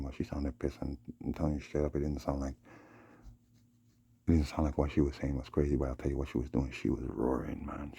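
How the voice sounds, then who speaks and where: A man's voice: rumbling low, creaky, warm tone, husky, no room sound, studio quality. A man talking to his phone camera at home in a rambling, streetwise monologue, emphatic and peppering his talk with "man". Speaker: vlogger.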